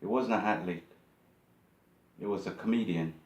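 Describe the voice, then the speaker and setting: A YouTube host with a deep, darkish voice speaks at a moderate pace in a reverberant space. Addressing his viewers directly, he delivers a casual monologue that is indignant and preachy, repeating himself as he goes.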